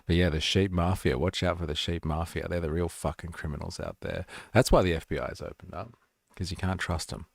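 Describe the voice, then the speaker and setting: A man's voice: low-pitched, fairly even intonation, a little fast, vocal fry, dry recording, clean studio sound. A man with an Australian accent hosting a live stream, talking casually with sarcasm and plenty of swearing. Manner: sarcastic, swears freely, rambling.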